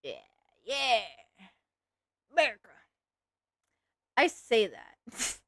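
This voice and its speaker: Young woman streamer, slightly high, animated, chatty and self-mocking; dry close mic. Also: drawn-out words, dry recording. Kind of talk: casual live-stream chat while drawing.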